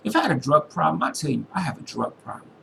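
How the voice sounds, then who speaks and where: A religious vlogger addresses his followers in an impassioned, preachy monologue, quoting scripture, using slang and repeating lines for emphasis. His voice is fairly high, fast, creaky and a bit bright, with big pitch swings. The recording is rough, with slight background noise.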